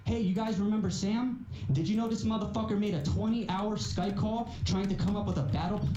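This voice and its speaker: Heated, profane man ranting. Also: sits high. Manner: repeats points with rising emphasis. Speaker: livestreamer. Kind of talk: angry callout rant on a livestream. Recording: muffled, roomy echo, faint hiss.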